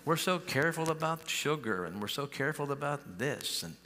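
A man's voice: fairly high pitch, expressive, a little fast, sharp tone. A male pastor preaching a sermon in a large church, folksy and conversational, often repeating his starts. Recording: long church hall reverb.

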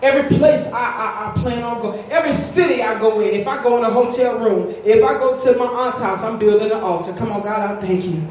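A woman preaching a sermon in a call-and-response style, often rising to shouts. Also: a little high, fairly quick, few pauses. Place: church sanctuary. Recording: echoey church hall, faint noise.

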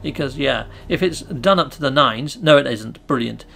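A British man hosting a gaming channel, giving excitable, chatty gameplay commentary and cheering himself on. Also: medium pitch, moderate pace, gravelly, faint music behind.

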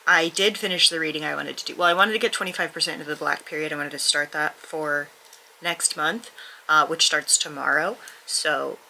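A woman's voice: low voice, fairly even intonation, fairly quick, creaky, bright, forceful tone, slight background noise, poor audio. Breathless rambling woman vlogger. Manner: rambling, hesitant, lots of fillers and restarts. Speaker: book vlogger. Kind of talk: casual vlog chat.

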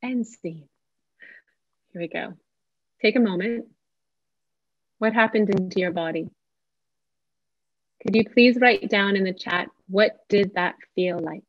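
A woman, a therapist, leading an online parenting workshop in a gentle, inviting way. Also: medium pitch, measured pace, pauses often, no echo. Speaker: social worker and psychotherapist leading a workshop. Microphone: video call. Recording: dull dry video call audio.

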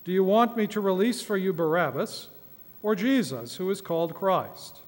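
A man reading aloud the words of a troubled Roman governor in a church service, with measured, pleading questions. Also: high voice, expressive. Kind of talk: liturgical scripture reading. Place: church sanctuary. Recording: echoey church hall.

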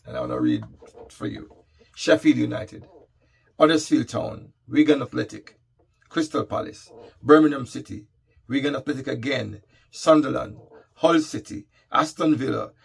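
A man hosting a casual football commentary monologue, wry and animated. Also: mid-range voice, vocal fry, slightly rough. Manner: wry, animated, reads out lists.

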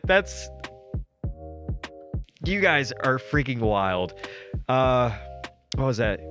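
Male streamer, drawn-out unhurried talk, overwhelmed and grateful, lots of laughter. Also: fairly low pitch, lively intonation, a bit bright, faint music behind. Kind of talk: live stream chat reaction.

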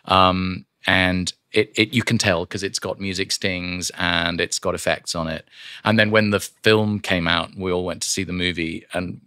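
Lively man telling stories in a studio. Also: low-pitched, clean tone, no echo. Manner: animated storyteller, drops into quick character voices. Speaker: audiobook narrator and voice actor guest. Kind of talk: casual studio interview chat. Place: podcast studio. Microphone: studio microphone.

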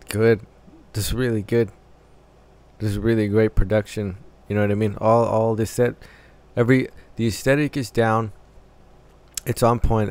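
A man with a fairly low voice talks casually through a music reaction. He analyzes the arrangement and the vocal parts as he goes, halting and restarting his phrases while he works out what he means. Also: darkish tone. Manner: hesitant, restarting phrases while thinking aloud.

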